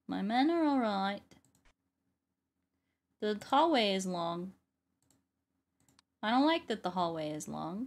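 A woman's voice: medium pitch, lively intonation, unhurried, creaky, pauses often. A woman who makes videos and ASMR, chatting casually while she plays a game, often repeating her phrases. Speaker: YouTuber and ASMR artist. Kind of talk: casual gameplay commentary.

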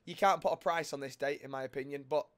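A man's voice: mid-range voice, fast, clean tone. A man, joking and boasting on a role-play date in casual banter. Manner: cheeky, boastful, jokey. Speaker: streamer playing a date.

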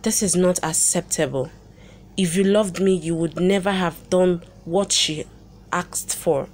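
A woman's voice: fairly low pitch, unhurried. A woman reading the lines of a hurt, angry young wife in an accusing tone.

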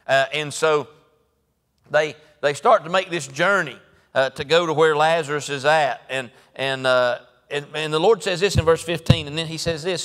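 Southern preacher in a reverberant church. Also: male voice, fairly even intonation, normal speed. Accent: Southern American. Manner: folksy storytelling, acts out voices of Bible figures; swings between soft low asides and raised, emphatic preaching. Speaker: pastor. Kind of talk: sermon. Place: church sanctuary.

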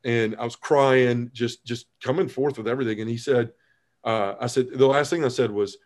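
A man in his forties, a podcast guest telling his conversion story in an earnest, animated way, acting out his past self. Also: medium pitch, moderate pace.

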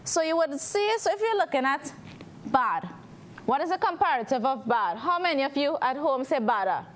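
High-voiced woman teaching a TV lesson. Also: expressive, normal speed, a little hiss or hum. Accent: Trinidadian. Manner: patient, explanatory, poses questions to viewers at home. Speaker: English teacher on a TV lesson show. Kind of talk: televised classroom lesson.

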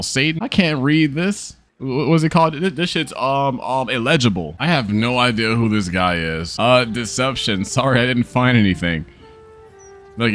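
A man's voice: medium pitch, fairly bright tone. A tired young man commenting on his gameplay, joking, cursing and laughing often. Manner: profane, joking, laughs a lot. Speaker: gaming streamer.

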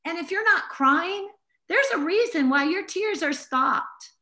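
Bright, earnest woman teaching the Bible. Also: extremely high pitch, lively intonation, unhurried. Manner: earnest, heartfelt storytelling. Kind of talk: informal Bible teaching to a small group.

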